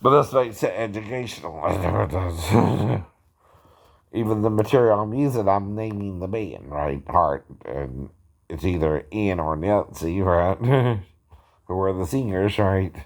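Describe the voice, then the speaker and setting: A man with a low, slightly dark voice and some vocal fry speaks slowly in a casual talking-head chat. He's an amateur impersonator explaining his singing impressions, ending almost every phrase with a questioning "right?" and chuckling often, a little self-consciously.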